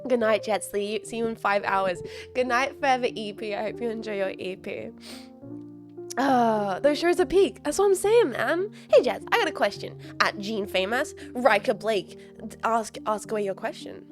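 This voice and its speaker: A woman's voice: fairly high pitch, moderate pace, soft background music. A woman with a South Australian accent chatting casually on a livestream, scatterbrained and laughing often, with casual swearing. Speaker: streamer. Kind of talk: casual livestream chat, answering viewers.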